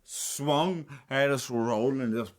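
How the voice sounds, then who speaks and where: Young man, boxer, co-host; animated, cuts in, mid-pitch, casual. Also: slow. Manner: animated, chimes in and adds detail. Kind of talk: casual storytelling chat.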